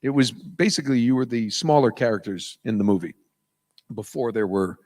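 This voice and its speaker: An American man, a voice actor guest at a convention panel, telling lively stories and slipping into voices in an auditorium. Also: medium pitch, moderate pace. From United States. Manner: animated storyteller, slips into voices and impressions.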